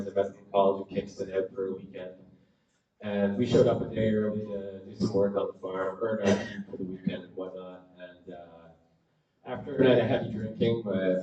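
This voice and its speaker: A middle-aged man gives an unscripted, halting speech as a family friend at a memorial, full of fillers and with a wry tone. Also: on the low side, a little mellow. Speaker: family friend giving a eulogy. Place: large hall at a memorial gathering. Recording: roomy, far from the mic, dull.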